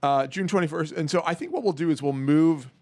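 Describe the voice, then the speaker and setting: A man's voice: a little high, fairly quick, a little mellow, no echo. Joking, rambling male podcast host. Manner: joking, rambling, laughs often. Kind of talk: casual chat. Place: studio. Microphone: studio mic on a boom arm.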